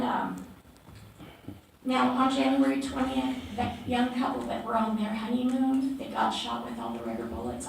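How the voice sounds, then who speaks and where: A shaken woman activist speaks at a council meeting, her somewhat high voice gravelly and unsteady. She stumbles through fillers and restarts as she talks. She is heard from a distance in a very echoey chamber, with steady noise behind her. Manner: halting, with many fillers and restarts. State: trembling, emotional. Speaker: activist giving public testimony. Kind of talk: unplanned public testimony.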